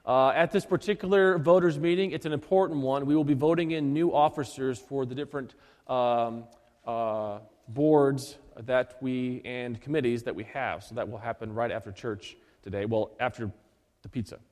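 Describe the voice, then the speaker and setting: A man reading church announcements and leading an opening prayer in a folksy way, with gentle asides. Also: mid-range voice, moderate pace. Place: church sanctuary. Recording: long reverb of a church hall.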